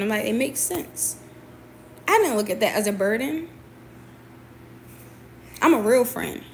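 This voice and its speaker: A woman's voice: medium pitch, a little hiss or hum. A young adult woman, a boxer, venting to camera in a confrontational, emphatic way, often repeating her points. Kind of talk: personal venting monologue.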